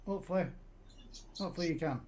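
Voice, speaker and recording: A man's voice: high-pitched, quick pace, darkish tone. Chatty man hosting. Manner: chatty, rambling storyteller with many restarts. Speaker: host. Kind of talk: casual chat. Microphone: live stream call.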